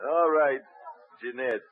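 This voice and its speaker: A man hosting a live radio variety show, coaxing and chuckling in a jovial way. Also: mid-range voice. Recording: tinny, noisy 1940s radio broadcast.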